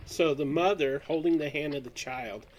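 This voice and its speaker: A man narrating as game master, calmly explaining rules step by step. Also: fairly high pitch, normal speed, slight background noise, rough recording.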